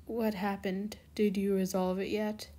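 A woman voicing a gentle, affectionate teenage boy superhero in a fan fiction reading, in soft tender tones. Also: medium pitch, flat delivery, unhurried, close to an everyday voice.

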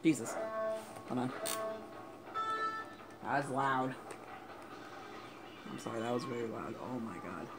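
A man's voice: mid-range voice, takes it slowly, pauses often, over loud music. A young man commentating on his gameplay in a casual way, swearing constantly and flaring into angry rants. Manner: swears a lot, angry outbursts. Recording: noisy home recording.

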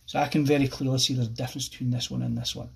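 Gravelly man teaching a drawing lesson. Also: mid-range voice, racing. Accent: Irish. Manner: relaxed, thinking aloud while drawing. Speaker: art teacher. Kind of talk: drawing tutorial narration.

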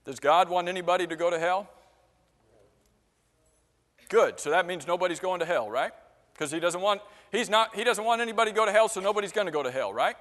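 A man with a high voice preaches in a church, and long reverb trails each phrase through the sanctuary. He keeps firing questions at the congregation and repeats his words for emphasis. The talk is interactive and unscripted. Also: expressive, a little fast, pauses often, fairly bright tone. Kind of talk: interactive sermon.

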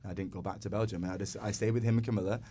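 A man's voice: fairly low pitch, steady tone, rapid-fire, dark tone, a little hiss or hum. A man in casual podcast conversation as a guest dancer, earnest and reflective. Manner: earnest, reflective, talks in a rush.

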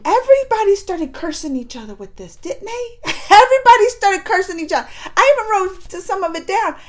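A woman hosting a reaction video, recapping episodes in a lively, expressive way with frequent laughs and exclamations. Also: very high voice, a little fast.

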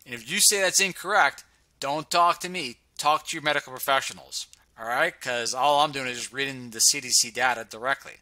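A man's voice: medium pitch, brisk, pushed and bright, dry recording. A man casually talking through charts on screen, sarcastic and humming filler sounds while he scrolls. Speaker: presenter reviewing health data on screen. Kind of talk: casual screen-share commentary.

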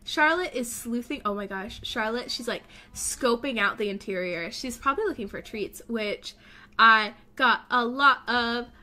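Woman, let's play host, gushing gameplay commentary, bright crisp voice, a bit high, rambling. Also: measured pace. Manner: excitable, gasping and squealing with delight; chatty, rambling thinking aloud.

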